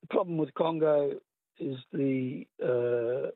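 A man's voice: medium pitch, takes it slowly, dry recording. A man with an Australian accent calling in to a radio quiz, chatty and hesitant with many fillers. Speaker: caller. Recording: tinny phone line.

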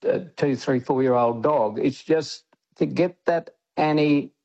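Plain-spoken Australian man, mellow voice. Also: fairly high pitch, measured pace, dull audio. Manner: plain-spoken, frequent restarts. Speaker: interview guest, dog trainer. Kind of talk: radio interview.

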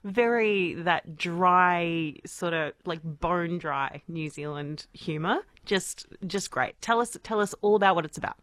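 A woman's voice: on the low side, measured pace, hardly any pauses, a bit bright, no room sound, studio quality. A woman co-hosting a casual chat about TV, enthusiastic and stretching her words out for emphasis. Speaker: podcast co-host.

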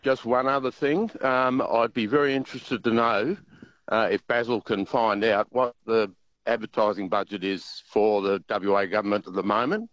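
Low-voiced man on a dull line. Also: fairly even intonation, normal speed, a bit bright, no echo. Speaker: talkback caller.

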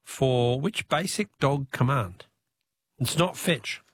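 A man with an Australian accent hosting a talkback radio quiz, chatty and quick with asides, laughing easily with callers. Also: mid-range voice, slightly rough, no room sound.

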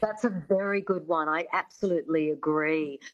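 A woman's voice: low-pitched, steady tone, moderate pace, highs cut off. A woman who coaches accents, answering interview questions in an agreeable, affirming way. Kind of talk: radio interview.

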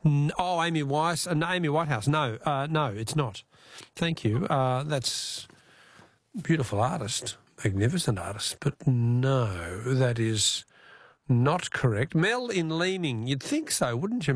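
A man's voice: fairly high pitch, expressive, unhurried, dry recording. An Australian man hosting a talkback radio quiz, chatty and jokey with callers.

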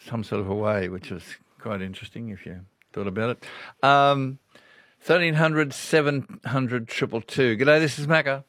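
A man's voice: mid-range voice, normal speed, a bit bright. An older Australian man hosting a casual talkback radio show, chatty and rambling, laughing often. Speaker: radio host. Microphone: studio microphone.

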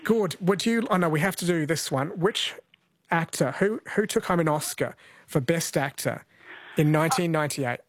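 A man hosting a live radio quiz, brisk and chatty. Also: a little high, expressive, no echo.

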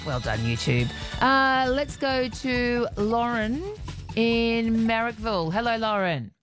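A woman hosts a radio quiz with a lively, swooping voice. She chats and teases callers playfully and laughs easily, with music clearly playing underneath. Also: fairly high pitch, slow. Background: music bed.

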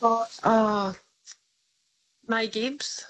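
A woman phones in to a radio quiz and answers slowly and hesitantly, with an unhurried pace. She laughs often as she talks. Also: a little high, steady tone, a bit bright, low-quality recording. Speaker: caller. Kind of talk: phone-in chat.

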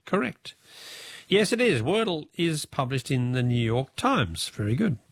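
An Australian man hosting a radio quiz, reading questions and taking callers briskly. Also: fairly high pitch, big pitch swings, vocal fry, husky, dry recording, clean studio sound.

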